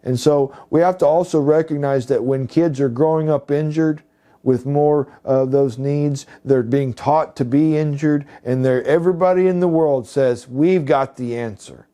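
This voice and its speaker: A man's voice: a little high, moderate pace, dark tone. A man presenting to police officers in a recorded talk, rambling, with many fillers and restarts. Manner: rambling, heavy with "you know" and restarts. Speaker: presenter for a healing services group.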